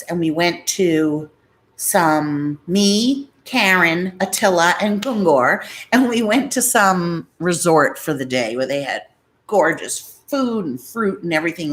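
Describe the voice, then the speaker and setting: A middle-aged woman from Massachusetts hosting a live-stream, chatting casually and rambling through stories while reading viewer comments. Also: fairly low pitch. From Massachusetts, USA.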